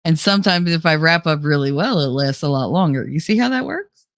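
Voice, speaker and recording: A woman's voice: low voice, animated, brisk, no room sound, clean studio sound. A middle-aged woman hosting a casual livestream, chatting with her viewers and reading their comments, laughing often and swearing freely. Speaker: livestream host.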